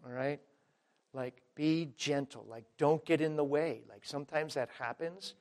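A male preacher with a somewhat high voice delivers a sermon in a loose, conversational way. He talks straight to his listeners, calling them folks, and his volume rises and falls for emphasis. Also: unhurried. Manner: conversational, emphatic, swings between loud and quiet; addresses listeners directly as folks.

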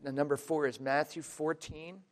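Emphatic, conversational male preacher, fairly high voice. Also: steady tone, normal speed. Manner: conversational, emphatic, swings between loud and quiet; addresses listeners directly as folks. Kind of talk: sermon.

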